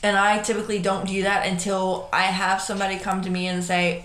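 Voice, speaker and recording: A woman's voice: mid-range voice, flat delivery, quick pace, hardly any pauses, fairly bright tone. Female podcast co-host, blunt and profane, mid-range voice, roomy sound. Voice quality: blunt, swears constantly. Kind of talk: casual chat. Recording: roomy echo.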